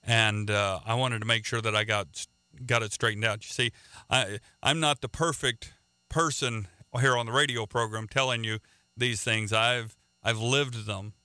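A man's voice: fairly low pitch, fairly even intonation, moderate pace, pushed and bright, clear, resonant tone, dry recording. A man preaching a radio sermon in an earnest way, often repeating words and restarting sentences.

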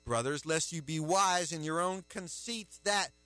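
A man preaching a sermon, emphatic, with rhetorical questions and a forceful delivery. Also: a little high, unhurried, no room sound, faint music behind.

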